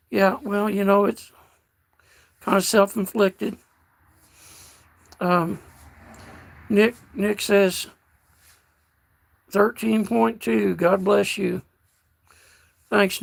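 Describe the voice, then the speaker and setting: An older American man hosting a casual livestream, reading out chat messages in a slow, folksy way and calling viewers darling. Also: sits high, vocal fry. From United States.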